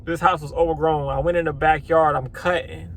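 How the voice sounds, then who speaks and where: A man vlogs outdoors about his lawn care work. His voice sits high for a man, and he talks casually. He rambles, swears, and acts out his own shocked reactions. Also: steady tone, brisk, slight background noise. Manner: swears then apologizes. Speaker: lawn care business owner. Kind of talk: casual vlog storytelling.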